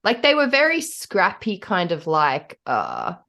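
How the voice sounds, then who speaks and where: A woman's voice: lowish voice, huge pitch swings, a little slow, creaky, pushed and bright. A woman co-hosting a podcast in casual chat, giggly and hesitant, with a self-effacing manner. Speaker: podcast co-host.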